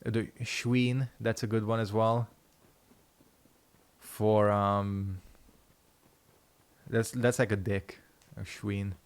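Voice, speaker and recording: A man's voice: lowish voice, level tone, drawn-out words, long pauses. A man chatting casually while streaming a game, rambling and swearing freely. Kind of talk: casual gameplay commentary.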